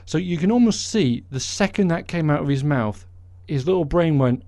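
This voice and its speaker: A man's voice: a little high, expressive, moderate pace, hardly any pauses, mellow, dry recording. Male host, sarcastic comedic monologue, dry close sound. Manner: sarcastic, mocking. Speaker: podcast host.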